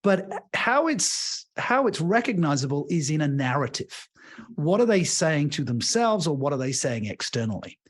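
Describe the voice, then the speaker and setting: A man's voice: a little high, moderate pace. A man who works as a leadership coach and author, talking expansively in a podcast interview, telling stories and acting out the voices of the people he describes. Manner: expansive storyteller, animated.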